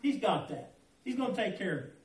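High-voiced folksy preacher in an echoey church. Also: male voice, very animated, a little fast, distant mic. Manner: folksy preaching with humor and audience call-outs. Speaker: pastor. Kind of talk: sermon. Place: church sanctuary.

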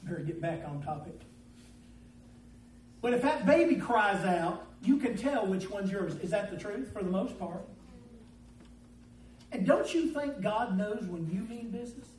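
A man preaching a sermon, telling homespun stories and swinging between loud and quiet. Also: high voice, animated, measured pace, pauses often, a little hiss or hum. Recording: echoey room, mic at a distance.

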